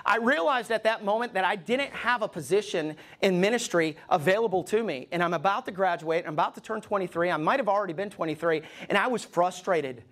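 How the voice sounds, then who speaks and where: A man's voice: sits high, lively intonation, brisk, hardly any pauses, fairly bright tone. A man, a lead pastor, telling a personal story in a sermon with conversational rhetorical questions and emotional pleading.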